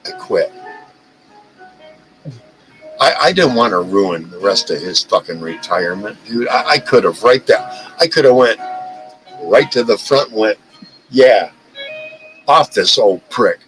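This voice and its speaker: A man's voice: lowish voice, expressive, measured pace, long pauses, fairly bright tone, faint music behind, rough recording. Profane, heated man ranting on a livestream. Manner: profane, heated, repeats himself. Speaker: livestream host. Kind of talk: casual live-stream rant.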